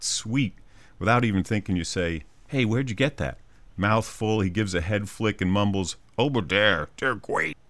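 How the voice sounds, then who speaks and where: A man's voice: deep voice, fairly bright tone, no room sound. A man, a psychologist hosting a short scripted segment, telling a vivid everyday scene and acting out small quoted voices along the way. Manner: vivid storytelling, acts out little quoted voices. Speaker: psychologist radio host. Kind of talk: scripted spoken commentary.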